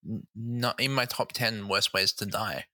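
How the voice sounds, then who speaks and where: A man with a sharp, bright voice co-hosts a casual podcast. He asks short, hesitant questions and trails off. The recording is dry. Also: lowish voice, measured pace, no room sound. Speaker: podcast co-host. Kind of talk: casual chat.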